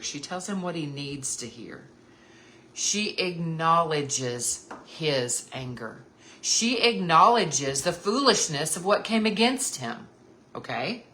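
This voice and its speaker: Slight background noise sits behind a woman whose low-pitched voice has a sharp tone. She delivers devotional Bible teaching to women with earnest emphasis, repeating the key points and calling her audience sisters.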